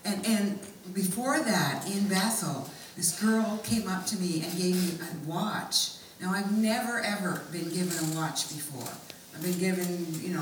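A woman giving a sermon testimony, telling her story earnestly and reading scripture slowly and expressively. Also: lowish voice, noisy background. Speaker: preacher. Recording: echoey room, mic far off.

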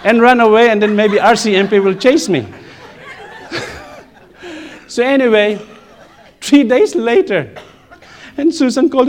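Middle-aged man, slightly high voice, lively church testimony teller, repeats himself, laughs as he talks. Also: moderate pace. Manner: animated, repeats phrases, laughs between lines. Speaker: church speaker telling a testimony. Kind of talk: personal testimony storytelling.

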